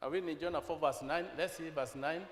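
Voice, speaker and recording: Preaching in a church hall full of echo, a Kenyan man questions the congregation rhetorically and shifts into Swahili partway through sentences. He speaks a little fast in a slightly high, steady voice, with a little hiss or hum present.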